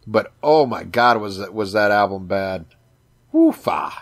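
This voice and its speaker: A man's voice: fairly low pitch, moderate pace. A man co-hosting a podcast in casual chat, with a Chicago accent, cursing a lot, gushing and often repeating words. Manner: profane, enthusiastic, repeats words. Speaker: podcast co-host.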